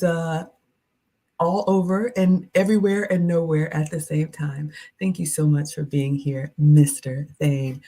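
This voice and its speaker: A middle-aged woman with a Southern American accent, chatting casually on a livestream, her voice low and mellow. She is playful and chatty, reading out viewer comments and riffing on them as she goes. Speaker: cooking and lifestyle livestreamer.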